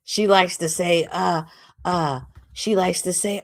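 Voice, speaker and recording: A woman's voice: on the low side, slow, no echo, clean studio sound. A woman hosting a livestream, scolding and mocking someone with profane, sarcastic commentary. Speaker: livestream host.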